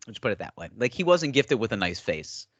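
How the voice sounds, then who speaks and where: A man's voice: fairly low pitch, very animated, fairly quick, a bit bright, no echo, muffled recording. A young man co-hosting a podcast, telling rambling stories and acting out what people said. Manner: rambling storyteller, acts out quotes. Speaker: podcast co-host. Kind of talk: casual chat.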